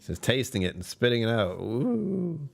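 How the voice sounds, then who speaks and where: A man's voice: normal speed, vocal fry. A man hosting a casual livestream, rambling and self-deprecating as he chats with viewers and chuckles often. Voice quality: deep voice that sometimes drops even lower. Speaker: live streamer hosting his channel.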